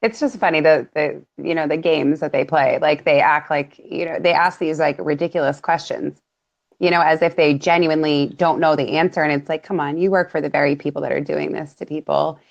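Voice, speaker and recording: A low-pitched woman in casual chat, leaning hard on her points and circling back to the same phrases. The sound is dull and lo-fi, missing some brightness. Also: fairly even intonation, brisk, gravelly. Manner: emphatic, repeats herself, trails off mid-sentence. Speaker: podcast co-host. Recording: dull lo-fi audio.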